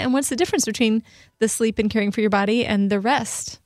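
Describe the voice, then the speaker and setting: A woman co-hosting an interview, enthusiastic and quick to laugh. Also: a little high, faint music behind. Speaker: radio show co-host. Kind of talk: conversational interview.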